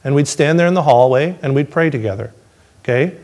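A man telling his testimony to a congregation, swinging between excited storytelling and hushed, reflective moments. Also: mid-range voice, fairly quick. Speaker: father sharing a testimony.

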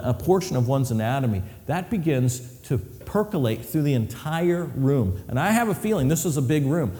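A middle-aged male pastor delivers a storytelling sermon, slipping into little acted voices and chuckling along the way. His voice sits a touch high and swoops widely in pitch. The sound carries the long echo of a large hall. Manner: animated storyteller, acts out voices and laughs often.

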